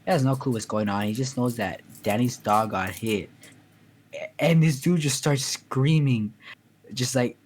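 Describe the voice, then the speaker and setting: Slow-talking man telling a story. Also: medium pitch. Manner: laughs through the story. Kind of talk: casual voice chat storytelling. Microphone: computer mic in a voice chat.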